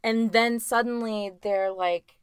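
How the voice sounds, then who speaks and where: Chatty woman with a smooth, clear voice. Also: fairly high pitch, steady tone, slow, no echo, studio quality. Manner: chatty, many "like" fillers, laughs often. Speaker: podcast co-host. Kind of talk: casual chat.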